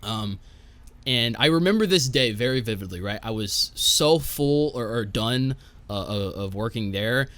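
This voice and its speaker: A man's voice: medium pitch, lively intonation, measured pace, fairly bright tone. Young man swearing through a rambling story. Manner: profane, rambling, tags lines with "right?". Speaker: podcast guest. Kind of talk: casual storytelling on a podcast.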